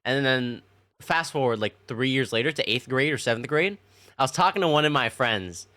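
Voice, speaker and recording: A man's voice: mid-range voice, normal speed. A young man streaming, casually telling his chat childhood stories in a slangy, laughing way. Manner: animated, laughing, slangy storytelling with many restarts.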